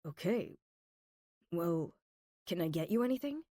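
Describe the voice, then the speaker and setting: A hesitant, polite young crew guy from a romance audiobook checks in, careful not to intrude, as a woman narrator puts him on. He speaks slowly over a dry, close recording. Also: fairly low pitch, lively intonation, dark tone, no room sound.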